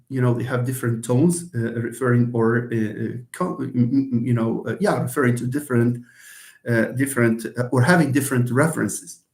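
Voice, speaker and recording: A man's voice: medium pitch, darkish tone. Man lecturing in an echoey room. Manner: repeats and restarts, many fillers, explains slowly. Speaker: linguistics lecturer. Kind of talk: live online lecture.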